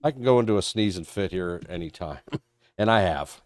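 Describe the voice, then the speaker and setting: Folksy stream moderator, stuffed up from a cold, low-pitched, recorded dry and close. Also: male voice, animated, moderate pace, no echo. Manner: folksy, rambling, self-deprecating. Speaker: trading show moderator. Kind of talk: live-stream market talk.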